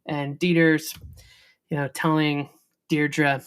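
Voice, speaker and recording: Player, smooth clear voice, tentative scene narration. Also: mid-range voice, steady tone, a little slow, a bit bright. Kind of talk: narrating a tabletop role-play scene.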